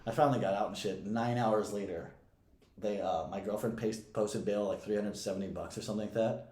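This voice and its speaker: A man's voice: lowish voice, steady tone, a little fast, mellow. A young man and podcast co-host casually telling a story, profane and often laughing. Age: young adult. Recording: echoey room.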